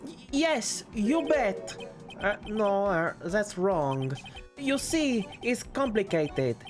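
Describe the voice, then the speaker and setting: A woman's voice: medium pitch, big pitch swings, slow pace, music in the background. A woman voicing a stammering, timid young man. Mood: nervous. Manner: stammering, hesitant. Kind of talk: reading a game script aloud.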